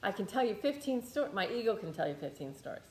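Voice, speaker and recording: She's very animated and quick here, her mid-range voice darkish in tone, as she guides a tapping meditation, cursing openly and bluntly working through her emotions out loud. The room is echoey.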